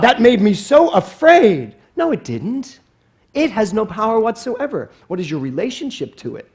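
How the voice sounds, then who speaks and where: Lively, playful minister preaching. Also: male voice, high-pitched. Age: middle-aged. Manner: animated, playful, asks the congregation questions. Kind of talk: sermon. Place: spiritual center with congregation.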